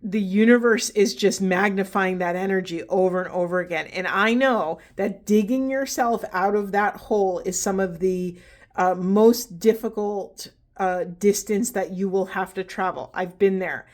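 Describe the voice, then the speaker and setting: A woman's voice: medium pitch, moderate pace. A woman, hosting a spiritual reading and talking casually and earnestly to her viewers, encouraging them with many fillers and restarts. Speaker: spiritual reader and host.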